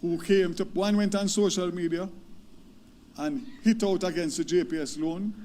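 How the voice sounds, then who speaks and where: A Jamaican man gives a mocking political speech and reads definitions aloud. His voice sits fairly high. The clip carries a faint noise underneath. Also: moderate pace.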